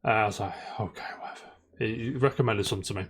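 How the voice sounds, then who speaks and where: A man's voice: on the low side, quick pace. A man co-hosting a casual podcast, telling a long rambling story and swearing constantly. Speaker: podcast co-host. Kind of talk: casual chat.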